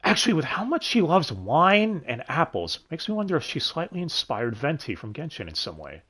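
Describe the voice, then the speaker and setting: A man's voice: on the high side, wildly swooping pitch, fairly quick, a bit bright, husky. A man co-hosting a casual podcast, talking animatedly about an anime dub, swearing freely and laughing often. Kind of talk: casual chat.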